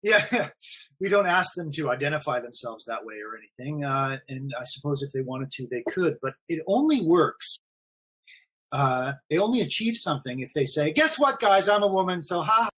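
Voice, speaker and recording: A man's voice: mid-range voice, animated, normal speed, a bit bright, breathy edge. A man talking casually on a live stream, rambling and repeating himself with many fillers. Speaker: forum admin guest.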